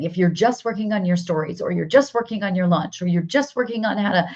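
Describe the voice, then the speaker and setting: A woman's voice: mid-range voice, quick pace, hardly any pauses. A woman business coach leading a live workshop, upbeat and encouraging, repeating phrases for emphasis. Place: home office with whiteboard. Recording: slightly dull lo-fi audio.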